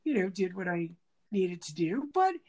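Animated woman acting out quoted speech. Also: on the low side, normal speed. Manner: animated storyteller who acts out quoted speech; thinks aloud with frequent restarts. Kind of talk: casual conversational interview.

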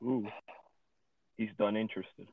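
A man chatting casually on a podcast call, cursing often and quick to get frustrated and rant. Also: lowish voice, steady tone, no room sound. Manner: cursing, easily frustrated, ranting. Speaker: podcast co-host. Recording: tinny phone-like line.

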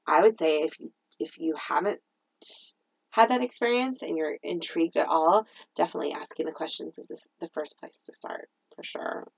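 A woman co-host speaks in a casual faith chat, earnest and reflective, often restarting her sentences. Her voice is husky and sits a little low. The recording is dry and slightly muffled. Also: moderate pace, dry recording. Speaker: podcast co-host.

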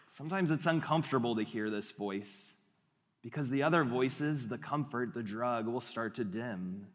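A man's voice: mid-range voice, moderate pace. A young man giving an earnest, reflective sermon to a congregation. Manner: earnest and reflective, building in intensity. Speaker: preacher. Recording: long hall reverb.

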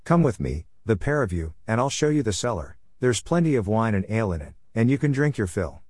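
A man's voice: fairly low pitch, big pitch swings, brisk, a little mellow, dry recording, clean studio sound. A man voicing a middle-aged master of a big house, businesslike and commanding.

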